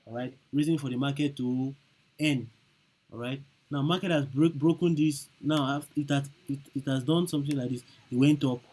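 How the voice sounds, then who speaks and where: A man's voice: medium pitch, moderate pace, darkish tone, poor audio. A man teaching chart trading over a screen recording, repeating each point and checking in with "okay?" and "right?". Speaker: trading instructor.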